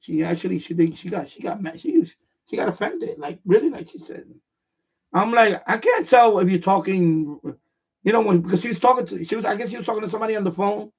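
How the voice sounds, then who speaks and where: Gravelly man rambling on a lo-fi stream. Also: high voice, animated, quick pace. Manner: rambling, repetitive storytelling with frequent restarts. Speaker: live stream host. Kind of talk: casual live-stream chat. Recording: far from mic, dull lo-fi sound.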